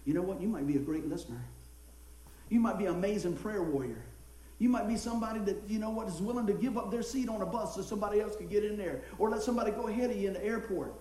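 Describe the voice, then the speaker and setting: A man's voice: high voice, fast, echoey room, low-quality recording. A man preaching a sermon as pastor, telling a story with lots of laughter. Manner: storytelling, animated, laughs often.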